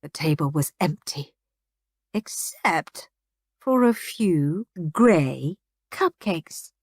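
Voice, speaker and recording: A woman narrating a children's audiobook in an expressive storybook style. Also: deep voice, dry recording, studio quality. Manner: lively, unhurried reading.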